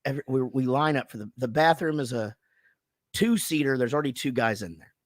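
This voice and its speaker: A man hosting a podcast, telling profane, animated stories in casual chat. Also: medium pitch, brisk, no room sound, studio quality. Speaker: podcast host.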